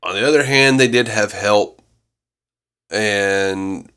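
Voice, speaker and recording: A man's voice: lowish voice, slow, pushed and bright, clean tone. A man co-hosting a podcast in casual review chat, blunt and wry, laughing and swearing casually. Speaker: podcast co-host.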